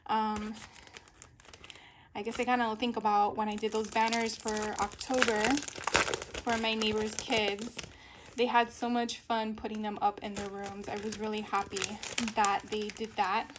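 A woman in a casual craft haul video, reading sticker captions aloud slowly and giggling at the puns. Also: mid-range voice, flat delivery, noisy background. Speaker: papercraft vlogger.

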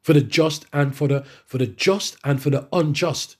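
A man preaching a sermon, reading scripture verses slowly and then preaching with emphatic rises in his voice. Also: fairly high pitch, breathy edge.

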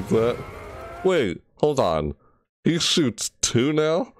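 A gaming video creator casually reacts to a game trailer, rambling and correcting himself as he goes and breaking into shrieked character impressions. His medium-pitched voice swings widely in pitch and he draws out his words. Background noise is audible.

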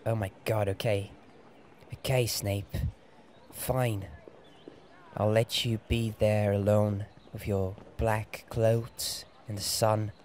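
Soft-spoken young man playing a game. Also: on the low side, takes it slowly, a little hiss or hum. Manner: soft, relaxed, chuckling asides. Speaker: gameplay host.

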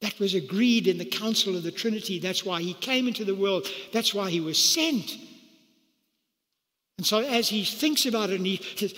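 A South African pastor preaches a sermon at normal speed in a high-pitched voice, full of animated energy. He jumps to an even higher register to act out quoted lines, and the long reverb of a large church hall rings around him.

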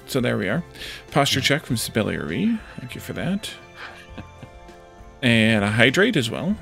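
A man's voice: mid-range voice, sing-song, measured pace, vocal fry, fairly bright tone, faint music behind. A man hosting a casual game stream, chatting with friends and reading out viewer names and redemptions. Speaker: stream host.

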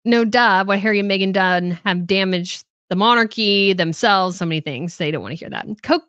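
A woman's voice: medium pitch, a little fast, fairly bright tone, no room sound, dull audio. Woman, live stream host, casual chat, laughs often, reads comments aloud, dry close sound. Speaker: host of a royal news channel.

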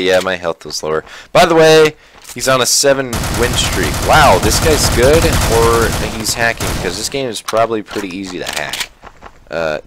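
A man gives lively, excitable commentary over his own gameplay. His pitch leaps around as he jumps between loud exclamations and quiet muttering. Faint gunfire from the game sits under his voice. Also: background noise. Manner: animated, exclaiming and muttering to himself. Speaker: gaming channel host.

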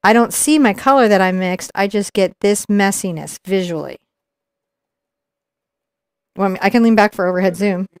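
A woman's voice: mid-range voice, moderate pace, pauses often, clean tone, dry recording. A middle-aged woman teaching acrylic painting live, chatting and explaining each brush move as she paints. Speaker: painting instructor.

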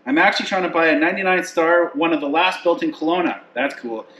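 Man reading shout-outs in an echoey workshop. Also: fairly high pitch, quick pace. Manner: reads messages aloud, chuckles, stumbles on names. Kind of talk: casual chat. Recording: echoey room with faint noise.

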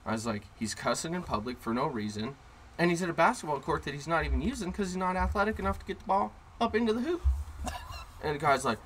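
A man co-hosting a casual podcast, telling a story in a brash, profane, animated way, recorded in a car. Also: on the high side, quick pace, slight background noise, rough recording. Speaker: podcast co-host. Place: inside a car.

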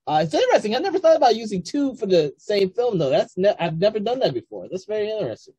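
A male host talking casually on a video call interview, musing in a relaxed way with short reactions. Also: high-pitched, fast, breathy edge, dry recording.

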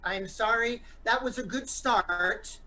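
A man's voice: very high-pitched, slow, sharp tone, a little hiss or hum, rough recording. A man performing an improvised comedy scene as a pushy, playful casting director.

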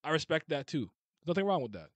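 A man hosting a casual sports chat, blunt and animated, swearing freely and restarting his sentences. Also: fairly high pitch, fast talker, no room sound.

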